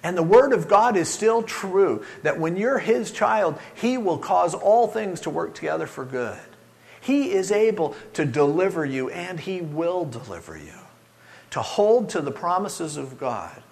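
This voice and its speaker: A man's voice: high-pitched, big pitch swings, unhurried, gravelly. A man preaching a sermon as pastor, earnest and conversational, often acting out prayers and quotes. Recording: long reverb of a large hall.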